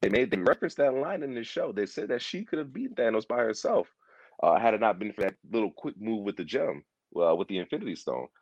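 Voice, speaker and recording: A man's voice: lowish voice, fast, no echo, dull audio. A man chatting casually about a TV series, rambling, repeating himself and acting out lines as he talks. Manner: animated, rambling, repeats himself, acts out quotes. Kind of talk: casual pop culture discussion.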